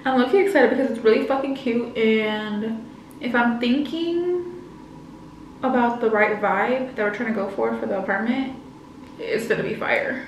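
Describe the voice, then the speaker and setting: A woman's voice: on the high side, expressive, normal speed, very echoey, far from the mic, slight background noise, low-quality recording. A young woman of about twenty vlogging casually, slangy and chatty, with a slight lisp from wearing retainers. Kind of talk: casual vlog chat to camera.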